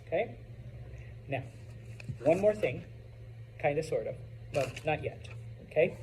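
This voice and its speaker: A man's voice: a little high, expressive, a little slow, a little mellow, slight background noise, low-quality recording. A man teaching a Spanish vocabulary lesson to a class, chatty, with joking asides and frequent "okay?" check-ins.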